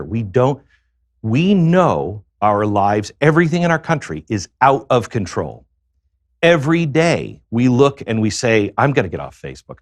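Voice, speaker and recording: A man being interviewed as a guest, telling a confessional personal story in a halting way, with many pauses and fillers. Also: mid-range voice, no echo, clean studio sound.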